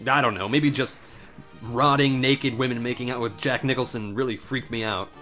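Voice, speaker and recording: A man's voice: mid-range voice, fairly even intonation, normal speed, pushed and bright, soft background music. A young man casually commentating a game while telling a long rambling story, swearing freely and reacting with sudden exclamations. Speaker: let's play commentator.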